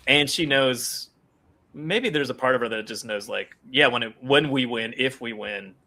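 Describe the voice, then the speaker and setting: A man's voice: medium pitch, normal speed, bright, forceful tone. A man co-hosting a podcast, animatedly retelling scenes from a comic in casual chat. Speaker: podcast co-host.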